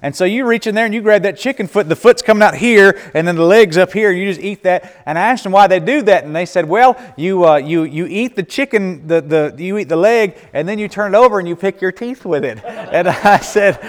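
A man's voice: high-pitched, a little fast, few pauses. Folksy man telling stories. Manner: folksy, laughing storyteller with many restarts. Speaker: missionary speaker. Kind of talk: church Q&A talk. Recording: echoey hall with long reverb.

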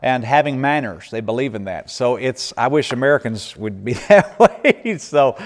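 A man's voice: mid-range voice, lively intonation, normal speed. A man, telling folksy stories and answering questions as a missionary speaker, laughing often and restarting his sentences. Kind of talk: church Q&A talk. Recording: echoey hall with long reverb.

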